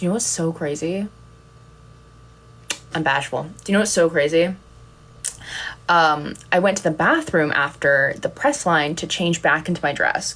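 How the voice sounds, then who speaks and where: A woman's voice: lowish voice, a bit bright. A young woman chatting casually on a livestream, telling rambling, giggly, self-deprecating stories. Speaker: content creator on a livestream.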